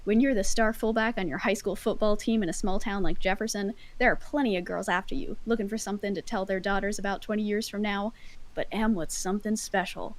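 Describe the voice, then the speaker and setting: Woman on headphones reading a story out loud, giggly, kinda self-conscious, average pitch. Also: fairly even intonation, fairly quick, poor audio. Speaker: guest reading aloud. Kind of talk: casual chat and dramatic reading.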